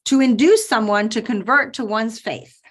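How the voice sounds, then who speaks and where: A woman acting as spelling bee pronouncer, enunciating each word slowly and clearly over a video call. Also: on the high side. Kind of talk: reading words and sentences aloud.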